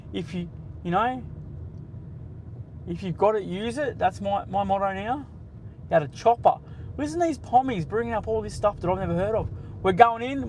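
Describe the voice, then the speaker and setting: A man's voice: high voice, darkish tone, a little hiss or hum, rough recording. An Australian man in his late forties, hosting a casual, blunt and sweary live stream, bantering with his chat from the driver's seat of a car. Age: 40s. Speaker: livestream host.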